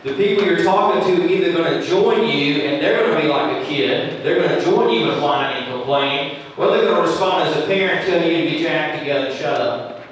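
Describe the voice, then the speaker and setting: Guy giving a training talk at a church, kinda high voice, recorded far off in an echoey hall. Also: fairly quick, slight background noise. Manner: conversational, acts out quoted lines. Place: church room.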